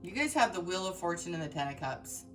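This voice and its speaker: A woman's voice: lowish voice, big pitch swings, fast, a bit bright, distant mic, soft background music. A woman giving a heartfelt, emotional tarot reading, speaking straight to her viewers with many fillers and restarts. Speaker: tarot reader.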